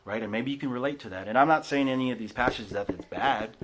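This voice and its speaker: Casual man preaching in a living room, chatty and lively, keeps asking "right?", stumbles and restarts a lot. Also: medium pitch, fast talker. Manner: casual, animated, tags lines with "right?", many restarts. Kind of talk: conversational sermon. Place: house church living room.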